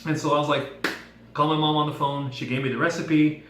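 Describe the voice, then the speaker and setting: A man giving a playful devotional talk with props, telling a story in a jokey, animated way. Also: fairly high pitch, a little fast, background noise. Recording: echoey room, mic at a distance.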